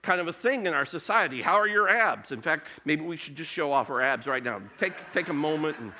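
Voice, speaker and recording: Animated male preacher with lively pitch. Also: a little fast. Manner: animated preaching, rising and dropping to near whispers. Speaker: pastor. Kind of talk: sermon.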